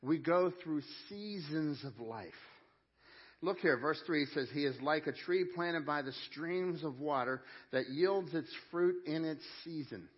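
Emphatic middle-aged pastor, slightly high voice. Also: male voice, unhurried, slightly rough. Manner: conversational, emphatic, talks to congregation. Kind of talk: sermon. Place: church sanctuary. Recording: dull lo-fi sound.

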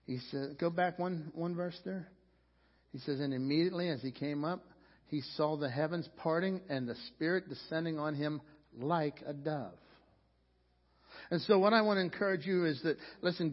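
A male pastor preaching a sermon in a church, talking in a loose conversational way and restarting his sentences often. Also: a little high. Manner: conversational, repeats words when starting sentences. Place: church sanctuary. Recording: dull sound, long reverb of a church hall.

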